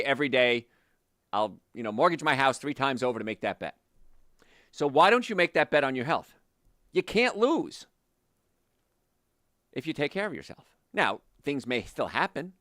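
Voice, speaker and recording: A man's voice: mid-range voice, dry recording, studio quality. A man hosting a health show, giving an emphatic, motivational talk straight to his listeners. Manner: emphatic, animated, speaks directly to listeners.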